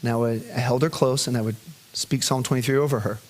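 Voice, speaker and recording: A man preaching as a pastor, telling a personal story in an animated way that swings between loud bursts and hushed, gentle reciting. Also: mid-range voice, fast. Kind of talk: sermon storytelling.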